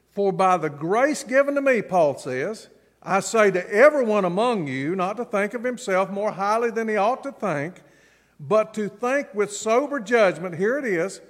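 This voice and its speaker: A middle-aged man delivers a sermon in a notably high voice. He tells stories and repeats key phrases with dramatic pauses, and his words ring out with the long reverb of a large church hall. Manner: storytelling preacher, dramatic pauses and emphatic repetition. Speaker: pastor.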